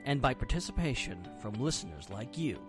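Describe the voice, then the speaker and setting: A man hosting a podcast in a playful, casual chat manner, quick to laugh. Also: medium pitch, big pitch swings, over music. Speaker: podcast host.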